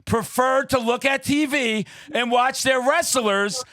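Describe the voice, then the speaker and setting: Loud profane high-voiced man ranting. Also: takes it slowly, dry recording, studio quality. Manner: loud, profane, fired-up ranting with shouted bursts. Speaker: podcast host. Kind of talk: casual interview chat.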